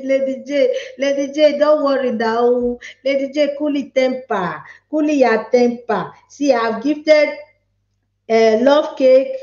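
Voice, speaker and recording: A Nigerian woman with a slightly high voice hosts a live chat, slow and easygoing, calling out viewers by name with frequent laughs. The sound is dull and lo-fi, with an echoey room around her. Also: warm tone. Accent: Nigerian Pidgin English. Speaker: livestream host.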